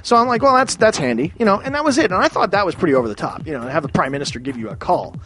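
A man's voice: rapid-fire, fairly bright tone, soft background music. Rambling, swearing man from Canada. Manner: rambling, swearing, restarts, sudden high exclamations. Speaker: ranting commentator. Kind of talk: profane rambling rant.

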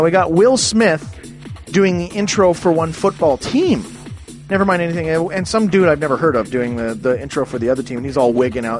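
A man from Canada ranting in a rambling, profane way, with many restarts and sudden exclamations. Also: fairly high pitch. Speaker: ranting commentator.

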